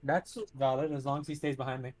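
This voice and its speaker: A man's voice: mid-range voice, little pitch movement, fast talker, a little mellow, a little hiss or hum. A man playing a tabletop game who keeps asking to confirm the rules. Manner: checks rules with many questions. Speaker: player.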